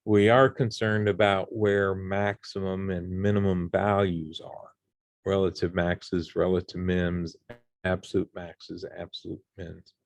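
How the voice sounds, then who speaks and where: A man's voice: low voice, little pitch movement, unhurried, no echo. A man teaching a college algebra class, explaining each step and checking in with his students. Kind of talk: classroom math lecture.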